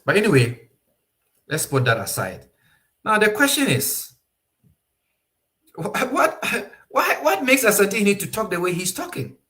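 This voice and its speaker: Male commentator, impassioned and mocking, animated delivery. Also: a little slow, pauses often. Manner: animated, mocking, raises pitch sharply to voice others, laughs often. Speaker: political commentator.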